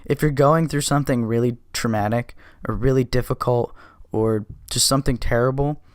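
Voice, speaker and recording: A man's voice: medium pitch, fairly even intonation, normal speed, clear, resonant tone, dry recording, studio quality. A man hosting his own podcast, telling a personal story in a blunt, profane, casual way, stumbling over and correcting his words. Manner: profane, blunt, restless retelling with self-corrections. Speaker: podcast host.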